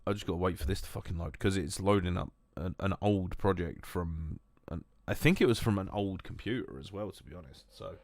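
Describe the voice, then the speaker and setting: A man's voice: low voice, brisk, few pauses, darkish tone. A man chatting casually on a live stream while drinking whiskey, rambling, swearing and mocking himself.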